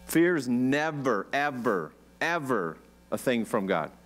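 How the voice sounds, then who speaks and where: Conversational American pastor preaching. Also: male voice, medium pitch, sing-song, slow pace. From United States. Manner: conversational, asks the congregation questions. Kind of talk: sermon. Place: church.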